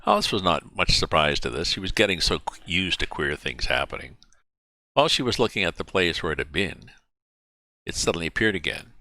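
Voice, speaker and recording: A man reading a classic children's novel aloud as storyteller, in an animated, expressive way. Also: low-pitched, brisk, no echo.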